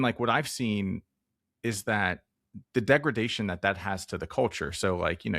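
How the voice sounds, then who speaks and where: A young male podcast host with a lowish, gravelly voice asks long, rambling questions full of fillers. His voice sounds dry and close to the mic. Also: fairly bright tone, no room sound. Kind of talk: interview questions.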